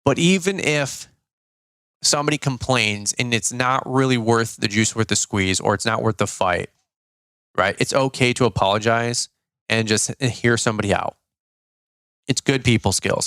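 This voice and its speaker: A man's voice: mid-range voice, moderate pace, fairly bright tone, no room sound, clean studio sound. Blunt, slangy man talking shop. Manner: blunt, slangy, rambling with fillers. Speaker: podcast host, lawn care business owner. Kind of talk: casual business talk.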